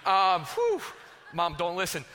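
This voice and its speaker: A male pastor delivers a casual sermon in a loose, conversational way, peppered with "like" and "right?". His voice is bright and sits a little high for a man. A long hall reverb follows every line. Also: huge pitch swings, a little slow. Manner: conversational, heavy use of "like" and "right?".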